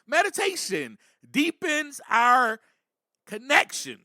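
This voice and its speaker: A man's voice: very high voice, huge pitch swings, slow pace, bright, forceful tone, no room sound, studio quality. A man hosting a podcast, giving earnest, reflective spiritual recovery talk, with frequent "you know" and bursts of emphasis. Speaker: podcast host.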